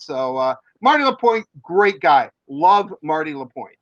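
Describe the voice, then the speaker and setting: A man's voice: a little high, sing-song, a little slow, a bit bright, no echo, highs cut off. A man, a hockey reporter, telling long rambling stories in casual chat, with many fillers and restarts.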